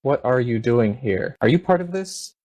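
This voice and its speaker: A man's voice: mid-range voice, lively intonation, moderate pace, a little mellow, close to an everyday voice. A man voicing a scornful woman paladin in a tabletop game, speaking in a harsh, accusing way. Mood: suspicious.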